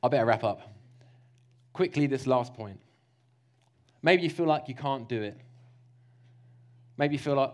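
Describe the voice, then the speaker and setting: A man preaching a lively, jokey sermon, slipping into mock voices to make his points. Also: medium pitch, moderate pace, long pauses.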